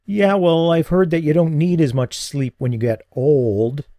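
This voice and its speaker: A man voicing a teenage boy in an audiobook, pitching his voice up high and sounding strained and urgent. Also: fairly even intonation, measured pace, warm tone, no echo, studio quality. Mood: teasing. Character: teenage boy, cheeky then frightened.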